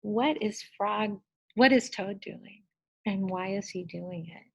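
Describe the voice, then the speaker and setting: A woman teacher giving a gentle, encouraging lesson to young children and asking them questions. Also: medium pitch, slow pace, vocal fry, breathy edge, poor audio.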